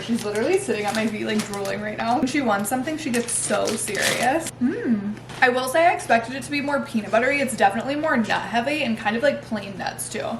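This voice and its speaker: Upbeat twenties woman, casual vlogger talk, a little high-pitched, echoey room at home. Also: recorded from a distance, noisy background. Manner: chatty, upbeat, swears casually. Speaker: lifestyle vlogger. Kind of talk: casual vlog chat. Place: home, indoors. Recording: roomy home echo.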